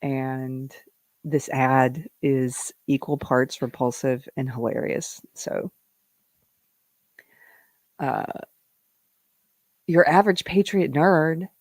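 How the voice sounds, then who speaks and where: A woman's voice: a bass voice, takes it slowly, pauses often, a little mellow, no room sound, studio quality. A woman hosting a live-stream talk show who reads and answers viewer chat in a casual, chatty way. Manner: casual, chatty, laughs often. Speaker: host.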